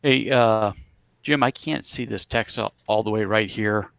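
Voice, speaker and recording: A man's voice: fairly low pitch, measured pace, creaky, clean tone, no echo. A man playing in an online wargame, chatting casually and making dry, wry remarks. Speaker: wargame player. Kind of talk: casual chat.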